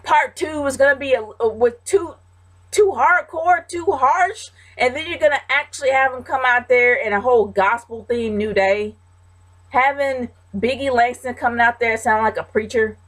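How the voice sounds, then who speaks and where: A woman's voice: a little high, steady tone, moderate pace, fairly bright tone. Woman, casual vlog host, blunt and emphatic opinions.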